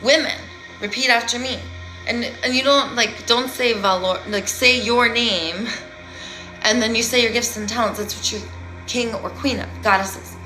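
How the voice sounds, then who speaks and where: A woman rambles through a theatrical live-stream monologue, playful and dramatic, dropping to near-whispers and then swelling again. Her voice is bright and forward, with faint music underneath. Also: on the high side, moderate pace, rough recording. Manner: rambling, playful, dramatic, swings between loud and hushed. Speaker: self-styled healer and live streamer.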